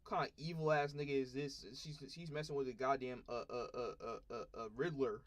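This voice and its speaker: A man's voice: mid-range voice, steady tone, brisk. A man streaming, reacting live to videos with blunt, profane, exclaiming commentary.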